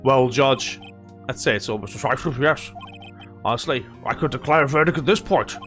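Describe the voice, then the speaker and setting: A man's voice: medium pitch, moderate pace, a bit bright, soft background music, close to an everyday voice. A man voicing a stern, fussy elderly male judge in a video game, with formal speech in a slightly raised voice. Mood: pompous.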